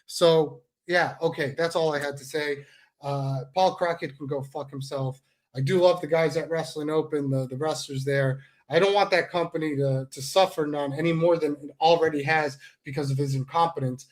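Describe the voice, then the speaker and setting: A man's voice: a little high, steady tone, moderate pace. A male pro wrestler in a heated, sarcastic, profane rant straight to the camera. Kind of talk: angry direct-to-camera rant.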